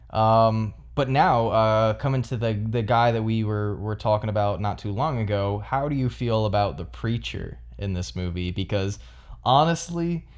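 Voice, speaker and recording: A young man with a fairly low voice talks through a film in a loose, casual podcast chat. He hedges often and leans on fillers as he circles back to his points. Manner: relaxed, hedging with many fillers. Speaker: podcast co-host.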